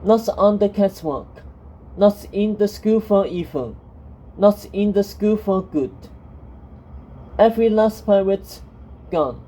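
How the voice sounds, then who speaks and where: Lady reading a storybook out loud, slow and calm, dark mellow tone. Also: medium pitch, husky, low-quality recording. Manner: calm, steady, unhurried reading. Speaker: narrator. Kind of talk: storybook narration.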